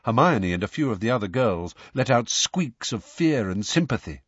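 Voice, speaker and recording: A man reading an audiobook as narrator in an animated storytelling manner. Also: mid-range voice, normal speed, no echo. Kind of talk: scripted narration. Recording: dull lo-fi dry recording.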